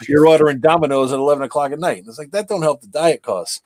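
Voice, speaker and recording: A man's voice: a little high, fast talker, noisy background. A man co-hosting a casual livestream chat, easygoing and chatty, dropping "you know" often. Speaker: podcast co-host.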